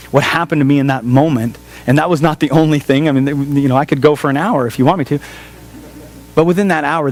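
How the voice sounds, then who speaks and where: A man, a pastor, preaching a sermon in an animated storytelling way, repeating phrases for emphasis. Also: fairly high pitch, low-quality recording. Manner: animated storyteller, acts out voices of family and friends.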